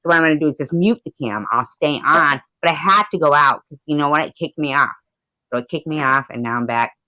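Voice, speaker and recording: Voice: mid-range voice, fast, bright, forceful tone, no echo. Chatty livestream co-host on dull lo-fi audio. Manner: chatty, rambling. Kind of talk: casual livestream chat.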